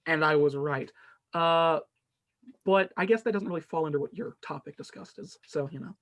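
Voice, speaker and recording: A young man hosts a casual gaming podcast, rambling and restarting his sentences often. His voice sits a little high for a man. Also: moderate pace, a bit bright. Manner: rambling, many restarts and fillers. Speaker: podcast host. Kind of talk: casual chat.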